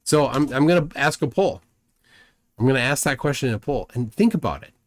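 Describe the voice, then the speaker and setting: A man's voice: medium pitch, expressive, a little fast. A man hosting a livestream, rambling through commentary and reading chat comments aloud, often repeating words as he goes. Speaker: livestream host.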